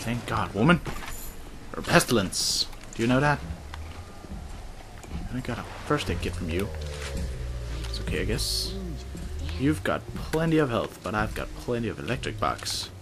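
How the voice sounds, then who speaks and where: A man with a low voice that swings widely in pitch, playing a video game and commenting casually. He is excitable and sarcastic, cursing at enemies as game music plays loudly behind him. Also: moderate pace, long pauses. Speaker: gaming video host. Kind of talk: casual let's-play commentary.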